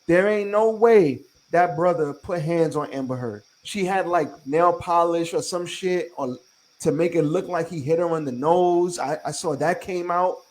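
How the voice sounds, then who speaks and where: A man's voice: a little high, normal speed, a little mellow, low-quality recording. A man hosting a podcast in casual chat, talking emphatically with a lot of profanity and repeating his points to lecture his listeners. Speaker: podcast host.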